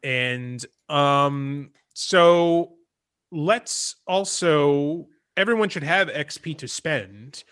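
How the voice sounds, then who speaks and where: Playful male game master, bright voice, laughs easily while narrating. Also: on the high side, extremely slow, smooth.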